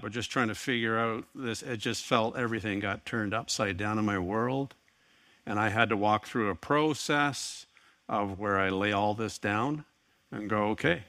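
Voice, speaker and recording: A man's voice: fairly low pitch, pushed and bright, no echo. A middle-aged man preaching a sermon, telling a personal story with earnest, wry asides. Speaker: pastor.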